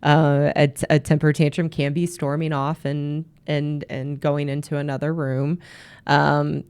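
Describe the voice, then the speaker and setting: Offering earnest advice to camera, a female host and marriage coach frequently repeats words when she restarts. Her low, darkish voice is flat and a bit slow, with a clean tone.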